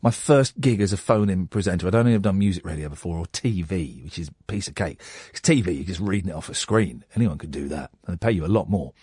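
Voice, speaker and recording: A man's voice: low voice, fast talker, husky, no room sound. A man, hosting a late-night radio phone-in in a chatty, self-mocking way. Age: 40s. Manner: chatty, self-mocking, lively banter with the studio team.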